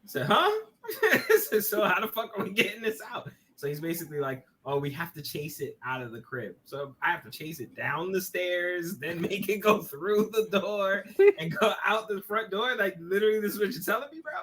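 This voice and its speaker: A man with a New York accent, a podcast guest telling a story from his bedroom over a webcam, animated and swearing, laughing as he goes. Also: high voice, normal speed, slight background noise. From Brooklyn, New York. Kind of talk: casual podcast chat, storytelling. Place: bedroom at home.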